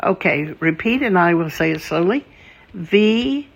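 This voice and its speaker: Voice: mid-range voice, expressive, moderate pace, vocal fry, a bit bright. A language teacher running a patient vocabulary drill, saying each word and asking the listener to repeat it.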